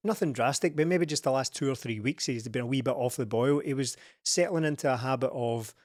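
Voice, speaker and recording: A man's voice: medium pitch, fairly quick, darkish tone, no echo, clean studio sound. A Scottish man co-hosting a casual football podcast, chatty and analytical, laughing now and then. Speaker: podcast co-host.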